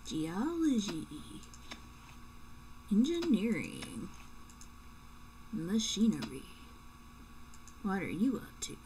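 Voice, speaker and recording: A woman's voice: mid-range voice, wildly swooping pitch, extremely slow, pauses often, dark tone, a little hiss or hum, rough recording. A young woman giving casual let's-play commentary at home at night, chatty and joking, with playful whispered asides. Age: young adult.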